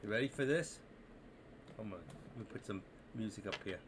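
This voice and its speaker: A man hosting a live trading stream, talking to viewers in an excitable, rambling, joking way. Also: lowish voice, moderate pace, noisy background. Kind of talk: casual live-stream commentary.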